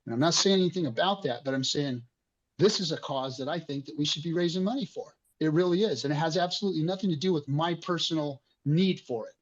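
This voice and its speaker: A man's voice: fairly high pitch, fast talker, dull audio, a little hiss or hum. A man hosting an online community discussion, speaking passionately and emotionally with frequent swearing.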